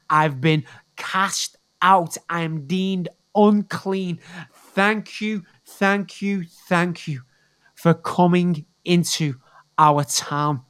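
A preacher voicing a humble, grateful woman giving thanks after being healed, in a slow, lowered, pleading tone. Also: a bit bright. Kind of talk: sermon retelling.

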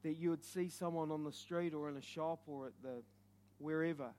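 A man, an evangelist, telling an earnest and intense testimony as a sermon, building from quiet reflection to loud urgency. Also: on the high side, fairly even intonation, a little fast, clean tone. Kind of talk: preaching testimony.

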